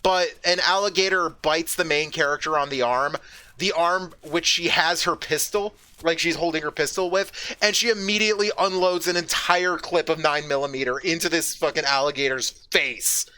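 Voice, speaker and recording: A man streaming a game, chatting casually in a rambling, profane way with excited outbursts. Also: on the high side, moderate pace, clean tone. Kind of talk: casual chat while gaming.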